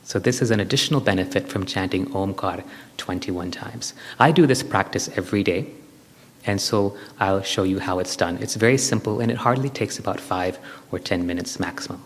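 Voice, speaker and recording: Low-voiced guy giving a spiritual talk, explains things step by step, big echoey hall. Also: fairly quick. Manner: explains step by step with everyday examples. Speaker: spiritual speaker. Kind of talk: spiritual lecture to an audience. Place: hall with an audience. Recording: reverberant lecture hall.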